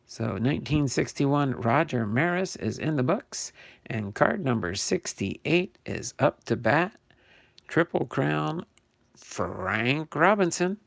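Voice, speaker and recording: A man's voice: medium pitch, very animated, a little slow, vocal fry. An older man from New Jersey hosting a casual live stream about sports cards, chatting loosely and correcting himself as he goes. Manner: chatty, self-correcting, thinking aloud. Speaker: sports card channel host.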